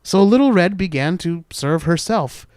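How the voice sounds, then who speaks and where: A man hosting a spooky podcast, narrating a horror story in a slow, deliberate, dramatic way, dropping to hushed dark turns. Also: high voice, animated, clear, resonant tone, no echo, clean studio sound.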